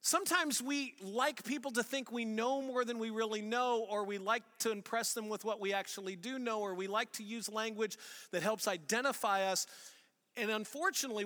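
A man with a St. Louis accent preaches with a high, bright voice that rings out in a big reverberant hall. He talks to the congregation in a relaxed, storytelling way and often restarts his sentences. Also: normal speed. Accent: St. Louis, Missouri. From Missouri. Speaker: pastor. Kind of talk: sermon.

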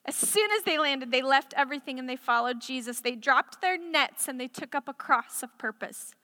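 High bright impassioned woman preacher. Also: lively intonation, moderate pace. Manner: impassioned, building to emphatic declarations. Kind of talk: sermon. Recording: echoey hall reverb.

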